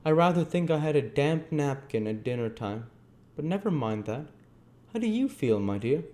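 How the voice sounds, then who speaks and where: A man voicing a brisk, kindly old gentleman with a hoarse, fussy voice, read from a storybook. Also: fairly high pitch, big pitch swings, voice pushed up. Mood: tender.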